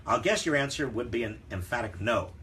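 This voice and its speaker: An older man hosting a live Q&A show, talking in a halting, conversational way with many fillers and some wry, teasing humor. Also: mid-range voice, expressive, bright, forceful tone, slight background noise. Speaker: host answering viewer questions.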